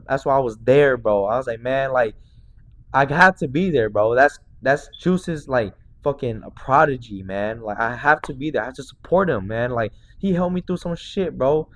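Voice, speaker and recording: A man in his twenties, a podcast host, telling a story in excited, slangy casual chat full of fillers. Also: mid-range voice. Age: 20s.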